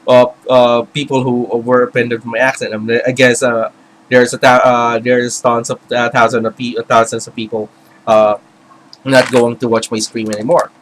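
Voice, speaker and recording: A man's voice: mid-range voice, level tone, slight background noise, pitched below the performer's own voice, close to an everyday voice, poor audio. Man mocking a sheepish male streamer apologizing. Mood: grudging. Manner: halting, full of hesitations.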